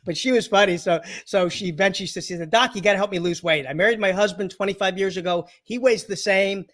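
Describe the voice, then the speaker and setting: Male guest, high voice, comic storyteller doing patient impressions. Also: fast, a bit bright. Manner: jokey anecdotes, acts out patients' voices, laughs often. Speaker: guest, chiropractor and comedian. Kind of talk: storytelling interview.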